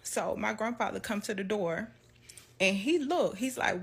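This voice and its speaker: Woman, storytime vlog, lively, acts out voices, mid pitch. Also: unhurried, vocal fry, breathy edge. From Southern US. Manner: animated, laughs often, acts out quotes.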